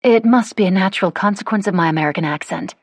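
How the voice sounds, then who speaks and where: A woman's voice: medium pitch, quick pace, slightly rough, no echo. A woman voicing a witty, bookish young American lady who answers in a dry, polite, curt manner. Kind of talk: audiobook character voice.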